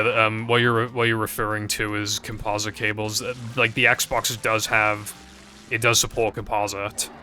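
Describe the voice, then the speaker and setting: A young man with a fairly low, sharp-toned voice chats casually to his stream viewers. He rambles and hesitates, using lots of fillers and swearing casually.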